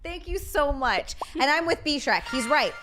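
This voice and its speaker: A woman from Russia hosts a casual livestream, reading out viewer messages and chatting freely. Her voice sits high and light. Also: lively intonation, unhurried, music in the background. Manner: chatty, thanks viewers as she goes. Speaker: livestream host. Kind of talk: casual chat.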